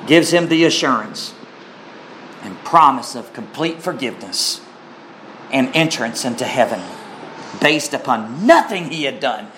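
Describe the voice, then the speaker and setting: A man preaching a sermon in a slow, earnest, heartfelt way, with emphatic rises and an occasional cleared throat. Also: medium pitch, animated, a bit bright, slight background noise. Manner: clears throat now and then.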